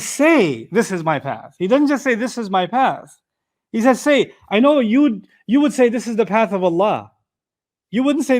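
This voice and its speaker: Casting: male Quran teacher, high voice, relaxed chatty lecture style, quick Arabic quotes. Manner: conversational, explains with everyday examples and repeated restarts; recites Arabic verses quickly. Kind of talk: tafsir lecture.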